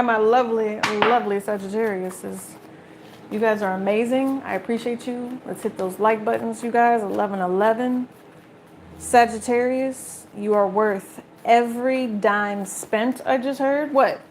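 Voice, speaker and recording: A fairly high-voiced woman talks her way through a casual tarot reading, frank and chatty, and she curses without much care. Faint noise sits under the recording. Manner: candid and blunt, swears freely; chatty, talks straight to viewers. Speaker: tarot reader.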